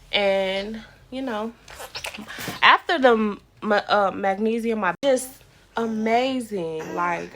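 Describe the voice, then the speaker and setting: A woman's voice: mid-range voice, a bit bright. A young woman vlogger telling a personal story in a chatty, casual way, repeating words and acting out what people said.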